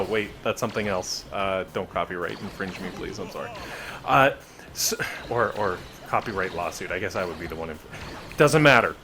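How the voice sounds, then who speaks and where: Guy doing chill game commentary, mid pitch, wanders off into jokes. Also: a bit bright, a little hiss or hum. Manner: rambling, joking asides. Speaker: gaming video creator. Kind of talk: casual gameplay commentary.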